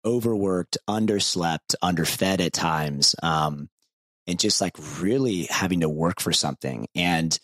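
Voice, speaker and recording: A man in his thirties talks on a podcast with a very deep voice. He is candid and easygoing and laughs often. The close mic gives a dry sound with no room echo. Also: a little slow, fairly bright tone. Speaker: podcast co-host. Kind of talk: casual podcast conversation.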